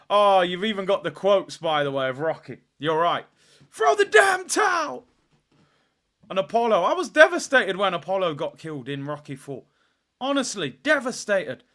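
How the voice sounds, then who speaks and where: A man's voice: high voice, normal speed. A man hosting a casual football live stream, reading out viewer comments and joking around. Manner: animated, jokey, bursts into loud excitement.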